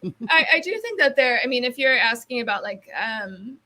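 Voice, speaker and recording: Bright-voiced woman soccer writer. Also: fairly high pitch, animated, moderate pace. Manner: thoughtful, hedging with fillers, laughs easily. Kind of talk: casual podcast chat.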